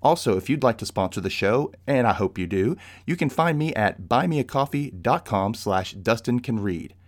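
A man's voice: mid-range voice, expressive, normal speed. Upbeat man hosting a podcast. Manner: upbeat, laughs often, chatty. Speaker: podcast host. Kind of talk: casual podcast chat.

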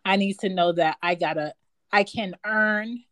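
Woman, emphatic, confident, bright tone, dry close sound. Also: mid-range voice, unhurried, dry recording. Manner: emphatic, self-assured. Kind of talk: casual opinion talk.

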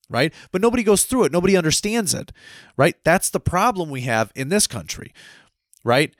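A man's voice: fairly high pitch, expressive, fast talker, no echo. Heated man ranting in a dry voice. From United States. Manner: heated, repeats "right?" and stumbles on repeated words. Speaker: commentator. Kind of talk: ranting monologue.

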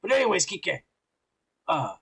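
Crude rambling man with a gravelly, high voice. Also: sing-song, unhurried, pushed and bright. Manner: rambling, crude, teasing, lots of filler yeahs. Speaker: podcast co-host. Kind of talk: casual profane nerd chat.

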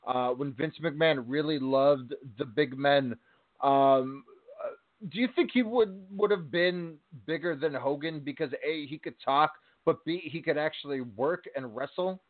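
A man co-hosting a casual wrestling talk show, enthusiastic and quick to laugh. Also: on the high side. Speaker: podcast co-host. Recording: tinny phone-line audio.

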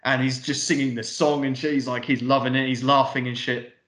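A man co-hosting a film review podcast, talking casually and excitedly, swearing and acting out scenes. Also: medium pitch, fairly quick, roomy sound. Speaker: podcast co-host.

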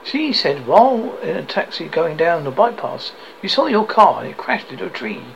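A woman's voice: on the low side, sing-song, moderate pace, creaky, a little hiss or hum, low-quality recording. A man reading the lines of a tearful, anxious young woman who blames herself, in a sobbing tone, in a storybook reading. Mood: upset.

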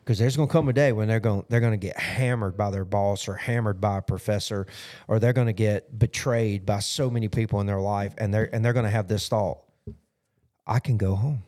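Mellow, low-voiced rambling pastor. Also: male voice, fairly even intonation, fairly quick. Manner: rambling, with frequent "you know" fillers. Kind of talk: casual podcast recap of a sermon.

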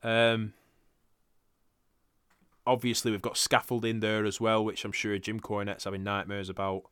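A man with a low but bright, forceful voice hosts a casual podcast chat. He swears freely and laughs often, and his smooth, clean tone sits in a dry, close recording. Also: little pitch movement, moderate pace, dry recording. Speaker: podcast host. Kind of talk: casual chat, reviewing wrestling results.

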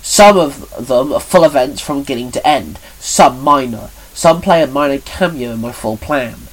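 A man's voice: mid-range voice, normal speed, natural voice, low-quality recording. A man reading as a sarcastic stern time guardian. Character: calm, sarcastic male time guardian with a secret plan.

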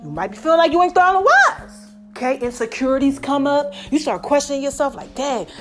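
A woman hosting her own podcast in casual solo talk, chatty and warm with listeners, calling them child and baby, and swinging between loud and soft phrases. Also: high-pitched, sing-song, fairly quick, faint music behind. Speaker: podcast host.

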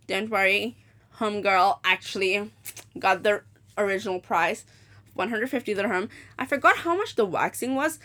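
A woman in her late teens hosting a solo podcast, telling stories in an animated, profane rant. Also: mid-range voice. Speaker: podcast host.

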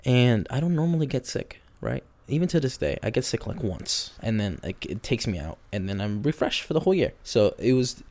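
A young man in his twenties hosts a solo podcast and tells a story in a loose, rambling way, often restarting his sentences. His voice sits a little low and has a gravelly, creaky edge. He speaks into a podcast mic at his home computer. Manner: rambling, animated, with frequent restarts. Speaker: podcast host. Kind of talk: casual storytelling monologue.

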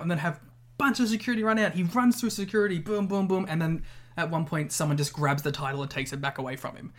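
A man co-hosts a casual podcast chat, talking bluntly and with plenty of swearing. He argues his points by acting out little scenarios, speeding up and slowing down as he goes. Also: a little high, fairly even intonation, fairly bright tone. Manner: blunt, profane, acts out scenarios. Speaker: podcast co-host.

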